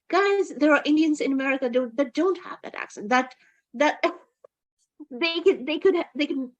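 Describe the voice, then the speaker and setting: A woman co-hosting a casual film review chat, talking emphatically and with exasperation, often stumbling and restarting her sentences. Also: high voice.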